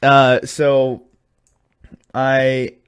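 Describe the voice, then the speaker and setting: A man's voice: mid-range voice, monotone, extremely slow, clean tone. A young man co-hosting a podcast in easygoing casual chat, loose and hesitant with "uh.". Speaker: podcast co-host.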